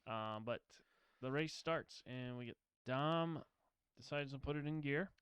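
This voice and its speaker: Wry male podcast co-host, smooth voice. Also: medium pitch, a little slow, fairly bright tone, dry recording. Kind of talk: casual movie-breakdown chat.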